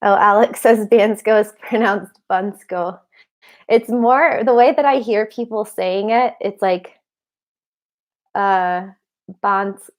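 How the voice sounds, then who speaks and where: A woman in her thirties chats on a livestream in an easy, rambling way, reading out and answering viewer questions. She laughs often and sounds a little tired. Her voice sits at an ordinary middle pitch. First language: English. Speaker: livestream host. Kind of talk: casual livestream chat.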